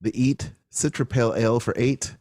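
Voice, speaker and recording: A man's voice: medium pitch, normal speed, darkish tone, dry recording, studio quality. A man co-hosting a podcast in casual chat, playful and jokey, laughing often. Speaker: podcast co-host.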